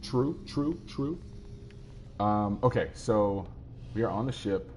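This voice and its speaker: A man's voice: lowish voice, animated, slow pace, a little mellow, a little hiss or hum. A man casually chatting with viewers while he plays a game live, easygoing and rambling as he answers their comments. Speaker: streamer playing a game live.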